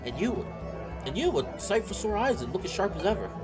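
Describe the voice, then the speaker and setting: A man voicing a jovial male barkeep in a clumsy put-on Scottish accent, loud and boisterous over game music. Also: sits high, big pitch swings, fairly quick, voice pushed up. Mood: hearty. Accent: attempted Scottish.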